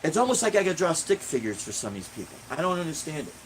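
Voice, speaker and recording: A man's voice: fairly high pitch, very animated, rapid-fire, a little hiss or hum, low-quality recording. A middle-aged man from Illinois, a street musician, ranting casually in a blunt, indignant way and repeating points for emphasis. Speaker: busking musician, vlogger.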